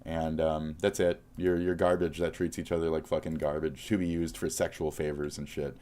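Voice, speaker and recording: Deep-voiced man ranting profanely on stream. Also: level tone, moderate pace, mellow. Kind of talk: live-stream reaction commentary.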